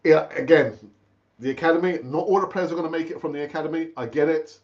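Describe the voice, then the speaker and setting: Middle-aged male stream host, fairly high voice, dull lo-fi sound, loose repetitive chat. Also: fairly even intonation, fast, darkish tone. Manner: chatty, repeats himself, calls viewers brother. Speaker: football fan channel host. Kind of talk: casual live stream chat.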